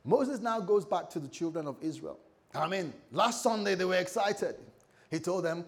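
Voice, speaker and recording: This is a lively sermon from a male pastor whose voice is high and whose speed is normal. He brings scripture figures to life with changing voices and joking asides.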